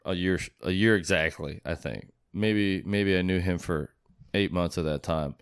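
A man with a very low, smooth voice hosts a podcast, rambling loosely and swearing freely. He sounds laid-back and unscripted. The sound is dry and close, with no room echo. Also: normal speed. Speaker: podcast host. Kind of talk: casual chat.

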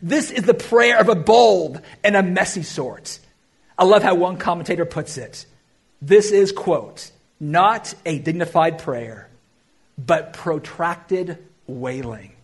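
A man preaching a sermon, addressing the church with emphatic rises and quiet, drawn-out phrases. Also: sits high, breathy edge. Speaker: pastor.

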